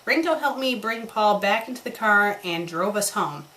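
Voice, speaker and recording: Casting: a bright-voiced woman critic reading fanfiction aloud, sarcastic and exasperated. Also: medium pitch, animated, normal speed.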